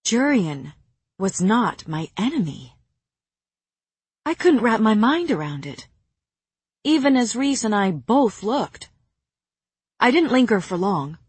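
A woman narrating a first-person audiobook in a soft, measured reading. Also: fairly high pitch, husky, dry recording.

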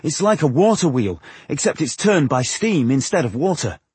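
A male narrator voicing a calm, knowledgeable male dwarf scholar who explains things patiently. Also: a little high, normal speed, breathy edge, no room sound, pitched above the performer's own voice, exaggerated voice. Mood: explaining. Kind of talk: audiobook character voice.

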